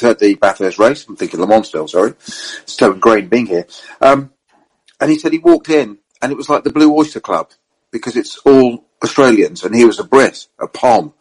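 A man telling motorsport anecdotes in casual, animated chat, full of fillers and asides. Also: medium pitch, slightly rough, low-quality recording. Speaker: motorsport storyteller on a panel. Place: at a racing circuit event.

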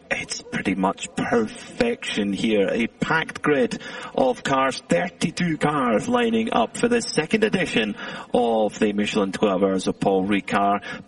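Gravelly, lively male race commentator. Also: sits high, recorded from a distance, rough recording. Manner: fluent, upbeat scene-setting.

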